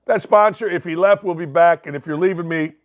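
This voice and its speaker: A man's voice: on the high side, brisk, muffled recording. Blunt, rambling Chicagoland-accented man. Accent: Northwest Indiana, Chicagoland. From Northwest Indiana. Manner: blunt, rambling, folksy asides. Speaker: sports talk show host. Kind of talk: opinionated monologue.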